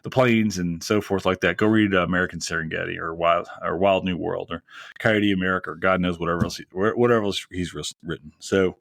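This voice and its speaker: A man's voice: deep voice, steady tone, fairly quick, vocal fry, a bit bright, no echo. A man hosting a podcast in a casual, rambling and heartfelt monologue, close to tears. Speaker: podcast host.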